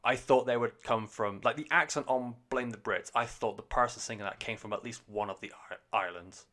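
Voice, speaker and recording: A man's voice: medium pitch, fairly quick, a bit bright. A man giving a rambling, enthusiastic and sweary casual review of an album on a podcast.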